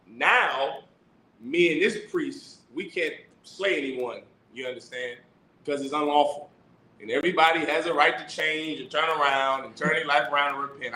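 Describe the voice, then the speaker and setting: Forceful, emphatic male preacher. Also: fairly high pitch, echoey room, slight background noise, low-quality recording. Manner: emphatic preaching with rhetorical questions. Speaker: teacher of a religious class. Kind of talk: sermon-style scripture teaching.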